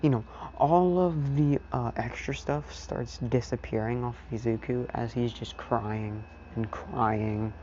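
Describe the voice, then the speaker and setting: A man telling an improvised fan story in a slow, rambling way, dropping "you know" into nearly every line. His tone is mellow and unhurried. The recording is dull and lo-fi with a faint hiss of noise. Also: medium pitch, fairly even intonation. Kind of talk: casual improvised story narration.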